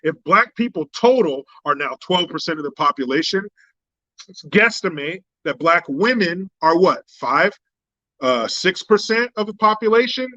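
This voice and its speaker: A man's voice: sits high, expressive, moderate pace, bright, forceful tone, dry recording, muffled recording. A man hosting a political commentary live stream, talking in a blunt, profane, combative way.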